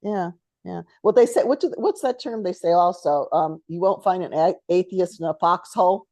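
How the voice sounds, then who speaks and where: A middle-aged woman talks casually, spinning anecdotes and jokes as a talk show co-host. Her voice sits low and sounds mellow and relaxed. The recording is dry, with no room around it. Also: moderate pace, dry recording. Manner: storytelling, chatty, laughs often. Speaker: podcast co-host. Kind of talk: casual spiritual chat.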